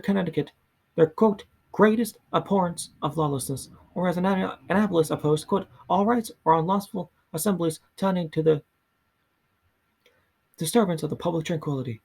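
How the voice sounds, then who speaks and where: A man reading a history book aloud in a soft ASMR style, slow and halting, often stumbling and restarting words. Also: high voice, gravelly, breathy edge. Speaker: ASMR reader.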